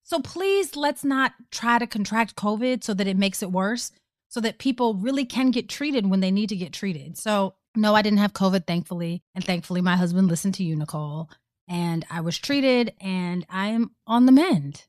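A woman's voice: mid-range voice, expressive, normal speed, darkish tone, dry recording, studio quality. A woman co-hosting a podcast, telling a personal story in an earnest, emphatic way. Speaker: podcast co-host. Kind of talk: casual podcast chat.

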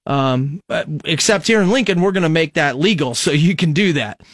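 Man, radio talk host, from Nebraska, rambling and conversational, lots of fillers, slightly high voice, dry close mic. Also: animated, normal speed, no echo. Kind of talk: conservative political talk radio monologue.

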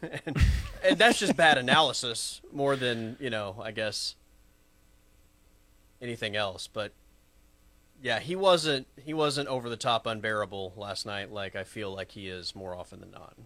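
A man co-hosting a sports talk show, casual and wry, with quick short reactions. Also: on the low side, pushed and bright.

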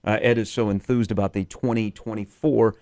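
A man's voice: fairly low pitch, steady tone, brisk, darkish tone. A man hosting a sports radio show, talking casually and rambling with lots of filler words.

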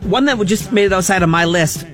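A man co-hosting a radio show, teasing in quick casual talk. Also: high voice, fairly bright tone, faint music behind. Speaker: radio co-host.

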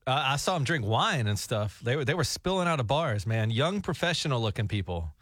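A man's voice: medium pitch, big pitch swings, brisk, fairly bright tone, no room sound, clean studio sound. A man on a talk show, telling a rambling, jokey travel story with laughs. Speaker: radio show co-host. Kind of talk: casual storytelling chat.

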